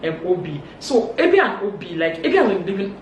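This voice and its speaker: A woman with a Nigerian accent giving a casual gossip recap, animated and acting out quotes. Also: brisk. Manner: animated, acts out quotes in higher voices. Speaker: vlogger. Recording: roomy, distant mic, faint hum.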